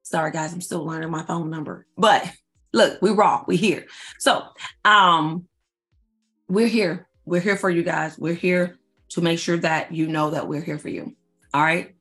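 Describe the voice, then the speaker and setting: A woman in her forties, a faith-based life coach, chatting casually and excitedly to her followers, repeating herself for emphasis and calling them y'all. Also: on the low side, a little slow, soft background music. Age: 40s. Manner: slangy, addresses audience as y'all. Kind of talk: casual announcement chat to followers.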